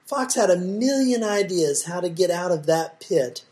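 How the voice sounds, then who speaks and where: Woman telling a folk tale, lowish husky voice, measured and expressive. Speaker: storyteller. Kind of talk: reading a folk tale aloud.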